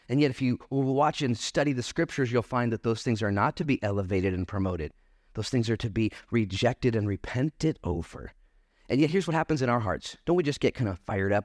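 Animated male pastor preaching. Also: medium pitch, dry recording, clean studio sound. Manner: animated, acts out quoted voices, conversational. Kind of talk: sermon.

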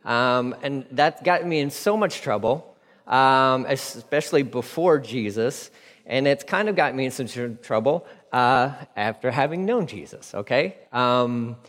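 A man preaching a sermon in a conversational, animated way, dropping into quick acted asides. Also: mid-range voice, long reverb tail. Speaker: pastor.

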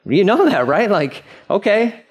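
A male pastor teaching verse by verse, casual and animated, often acting out the mocking voices in the text. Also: high voice, unhurried, slightly rough. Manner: animated, acts out mocking voices, conversational asides. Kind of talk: verse-by-verse sermon.

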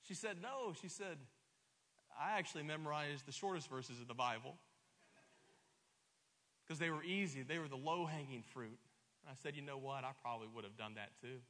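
A middle-aged man preaching a sermon, emphatic and stumbling over repeated words, swinging between loud and soft. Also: fairly high pitch, moderate pace, pauses often. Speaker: pastor. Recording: long hall reverb.

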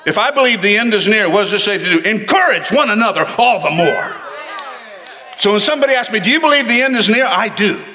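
A man preaching a sermon to his congregation in church, animated and calling on them to respond. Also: high-pitched, quick pace, long reverb tail. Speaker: pastor.

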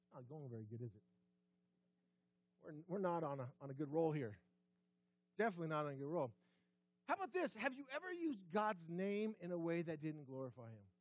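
A man serving as pastor gives a brisk sermon in a church sanctuary, his high, lively voice ranging widely in pitch, broken by long pauses. Rhetorical questions aimed at the congregation alternate with quiet, hushed moments meant to land his points. It's recorded close and dry, with no room sound.

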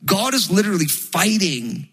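A pastor from New Jersey preaching a sermon, telling a story in a loose, chatty way full of fillers. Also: male voice, high-pitched, sing-song, normal speed, fairly bright tone, breathy edge, rough recording.

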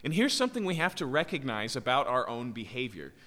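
A man's voice: mid-range voice, big pitch swings, fast talker, sharp tone. A man preaching a sermon as pastor, explaining with emphasis and rhetorical "right?" questions. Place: church sanctuary. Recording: long reverb of a church hall.

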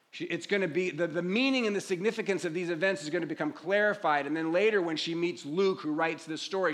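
A man's voice: high voice, a bit bright. A man preaching a sermon, explaining scripture in a conversational way with asides and restarts. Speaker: pastor.

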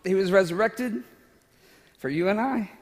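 A man's voice: high voice, unhurried, in a large hall. A man preaching a sermon, telling a personal story in a casual, emotional way, with laughing asides and moments where he fights back tears. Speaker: pastor.

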